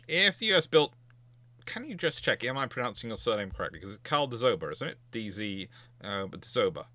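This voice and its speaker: A man's voice: on the low side, sing-song, a little fast, pushed and bright, no echo. A man hosting a naval history livestream, answering viewer questions in a chatty, emphatic way, thinking aloud with frequent restarts. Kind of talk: casual livestream Q&A.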